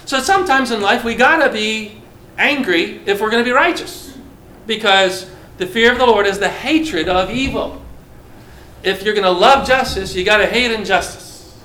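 A man preaching a sermon, animated and posing rhetorical questions to his listeners. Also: high-pitched, normal speed, slight background noise. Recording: roomy echo.

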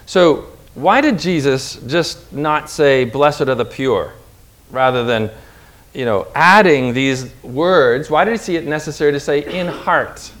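A man preaching a sermon with an object lesson, swinging from quiet asides to loud, emphatic lines. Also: on the high side, lively intonation, unhurried. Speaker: pastor.

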